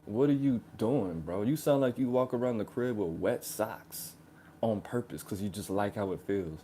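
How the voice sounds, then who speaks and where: A man's voice: fairly low pitch, moderate pace, slight background noise. A man hosting a reaction video, giving slangy, sarcastic relationship advice and calling the listener "bro.". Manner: slangy, ranting, keeps saying "bro"; animated, sarcastic mocking. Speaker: reaction channel host.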